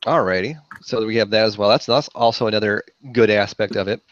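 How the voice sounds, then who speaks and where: A man co-hosting a podcast, talking casually with many pauses and fillers. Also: on the low side, no room sound. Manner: hesitant, many fillers, trails off. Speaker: podcast co-host. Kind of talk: casual chat. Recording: dull, muffled podcast audio.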